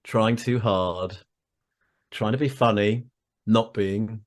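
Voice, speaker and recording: A man's voice: on the low side, steady tone, takes it slowly. A middle-aged Englishman with a Surrey accent, an actor chatting in an interview over a video call, self-deprecating and laughing often. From England. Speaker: actor and audiobook narrator guest.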